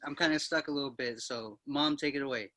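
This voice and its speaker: Bright-voiced rambling young man. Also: fairly quick, dry recording. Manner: rambling, full of "like", a bit high. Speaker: guest. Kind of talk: casual storytelling.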